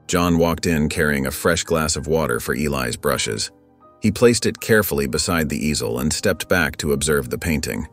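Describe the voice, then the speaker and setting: A man narrating a scripted story in a calm, measured way. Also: very deep voice. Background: faint background music.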